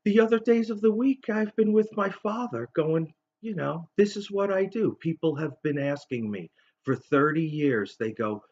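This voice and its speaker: With a slightly high, darkish voice at normal speed, a man in his fifties animatedly recounts a long, rambling tale for his vlog. He acts out others' voices, and the lo-fi recording is dull.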